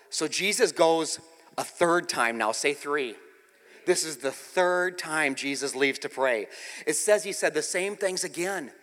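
A man preaching a sermon, telling the story with acted-out quotes and swinging from hushed, intimate passages to loud, shouted ones. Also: fairly high pitch, long reverb tail. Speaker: pastor.

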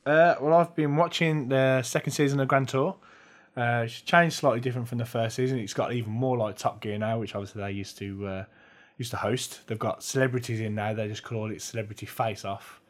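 A man's voice: medium pitch, fairly even intonation, fairly quick. A man co-hosting a podcast, giving rambling, casual explanations with plenty of fillers. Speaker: podcast co-host. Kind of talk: casual chat.

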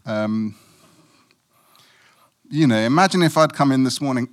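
A man's voice: mid-range voice, animated, unhurried, pauses often. Middle-aged male preacher, conversational sermon, dry humour, playful asides. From Africa. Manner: conversational, self-mocking, playful asides with acted quotes.

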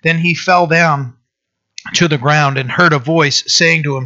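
Bright-voiced preacher, muffled recording. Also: male voice, a little high, steady tone, a little slow. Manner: conversational, asks the room "right?" often; reads scripture aloud, then explains it. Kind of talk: sermon.

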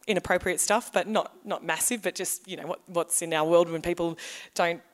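A woman's voice: lowish voice, steady tone, normal speed. Woman pastor preaching conversationally. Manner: conversational storytelling, acts out quoted voices. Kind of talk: sermon.

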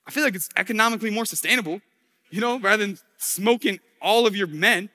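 A man's voice: sits high, fast talker, pushed and bright, long reverb tail. A man voicing a boastful giant warrior man in a casual, slangy way. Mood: taunting. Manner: slangy, offhand paraphrase.

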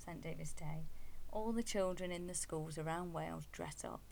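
Chatty woman with a low gravelly voice. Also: normal speed, a little mellow, slight background noise. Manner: chatty and teasing. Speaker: podcast co-host. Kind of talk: casual chat. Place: home in Wales.

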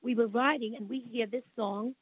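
A woman's voice: on the high side, fairly even intonation, moderate pace, husky, no echo. An older woman with a Brooklyn accent, telling long rambling stories as an interview guest. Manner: rambling, repeats herself, indignant about the past. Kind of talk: storytelling in a radio interview. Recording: tinny phone line.

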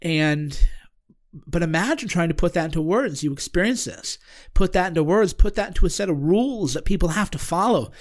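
A man with a somewhat higher voice tells a personal story in casual podcast conversation. He sounds earnest and searching, often halting and restarting mid-sentence as he looks for the right words. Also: expressive.

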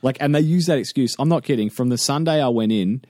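A man's voice: medium pitch, fast talker, no echo. A man tells a hospital story in loose podcast chat. He swears freely and acts out each person in it, his voice leaping up for the quoted lines. The sound is close and dry. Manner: animated, swears a lot, acts out quotes in raised voice. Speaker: podcast co-host.

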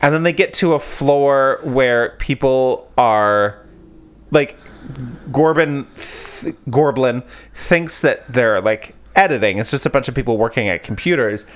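A man co-hosting a casual chat podcast, recapping a book in an animated, rambling way full of restarts. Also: mid-range voice, measured pace. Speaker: podcast co-host.

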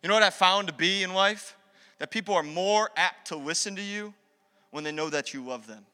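Man, pastor, sermon, high voice, conversational, reverberant hall. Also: brisk, smooth. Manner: energetic, conversational preaching with acted asides.

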